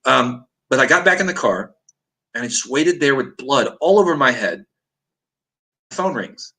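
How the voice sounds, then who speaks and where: A man's voice: mid-range voice, sing-song, unhurried, pushed and bright, poor audio. A man earnestly recounting a dramatic personal experience, acting out what people said. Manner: earnest, dramatic retelling with acted-out quotes. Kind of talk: intense personal storytelling.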